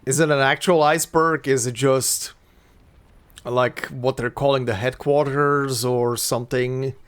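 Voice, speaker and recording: A man's voice: medium pitch, fairly even intonation, measured pace, fairly bright tone, clean tone. A man hosting a let's play, reading game text aloud and musing casually between lines.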